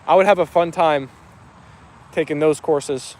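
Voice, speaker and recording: Out with his dogs, this man runs a relaxed live stream, speaking a little slowly in a voice on the high side. He reads out what viewers write and answers them in an easy, chatty way.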